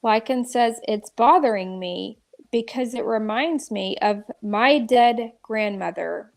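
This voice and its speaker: A woman's voice: a little high, takes it slowly, vocal fry. A woman ranting through live commentary, exasperated and restarting often. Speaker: drama commentary streamer.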